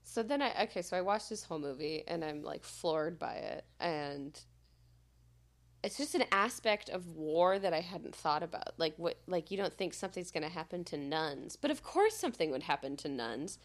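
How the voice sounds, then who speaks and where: Sex: woman. Role: podcast co-host. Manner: animated, low-voiced storyteller. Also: normal speed. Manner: animated storyteller, heavy use of "like", bursts of loud laughter. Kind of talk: casual chat. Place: podcast studio.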